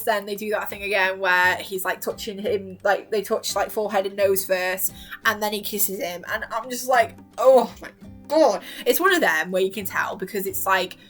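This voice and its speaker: A woman's voice: medium pitch, fairly bright tone. A woman rambling casually about a TV series, gushing and emotional, with filler words and sudden squeals when she quotes her own reactions. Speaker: vlogger reviewing a TV series.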